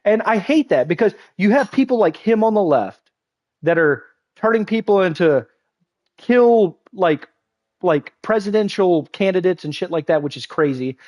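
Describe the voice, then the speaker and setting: The recording is muffled, catching a young gaming livestreamer's high-pitched, darkish voice, lively in intonation and moderate in pace. Playing at home on a console, he delivers a profane, rambling, heated rant full of restarts.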